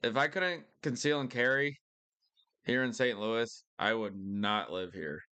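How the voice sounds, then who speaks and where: A young man doing casual live-stream commentary, rambling excitably and swearing a lot. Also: mid-range voice, a little slow, smooth. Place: lives in a city in Missouri.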